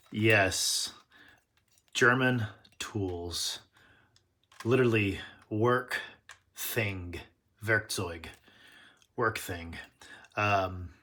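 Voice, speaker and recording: Man, unboxing vlog host, chatty, nerdy, slow-paced, a bit low-pitched. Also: bright, forceful tone. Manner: chatty, nerdy, self-correcting. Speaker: tool channel host. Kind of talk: casual unboxing chat.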